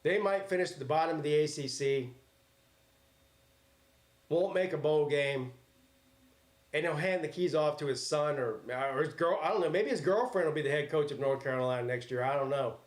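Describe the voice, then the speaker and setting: A man's voice: a little high, normal speed, pauses often. Joking man hosting a live game stream. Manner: joking, crude, reads chat aloud. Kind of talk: live watch-party commentary.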